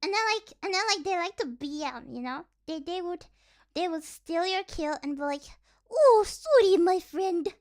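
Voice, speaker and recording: High, bright, unhurried streamer woman. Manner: rambling, giggly, lots of "like". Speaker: virtual streamer. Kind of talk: casual livestream chat.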